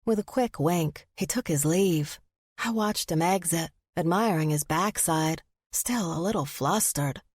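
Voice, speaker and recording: A woman narrating a first-person audiobook, expressive in the character's flustered lines. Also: fairly low pitch, a little slow, breathy edge, dry recording, studio quality.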